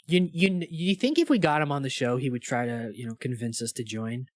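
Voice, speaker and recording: A young man co-hosting a podcast in casual chat, rambling with lots of fillers and quick impressions. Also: mid-range voice, animated, no room sound, studio quality. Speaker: podcast co-host.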